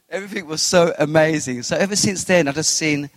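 A man giving a personal faith testimony as an interview guest, telling his story with animated retellings of what he said and thought. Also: on the high side, big-room sound. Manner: animated storyteller who acts out his own quotes.

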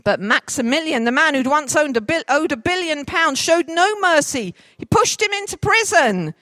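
A woman telling a story to a group, directing volunteers as they act it out, with lively, jokey asides. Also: high voice, normal speed, dry recording. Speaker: children's storyteller.

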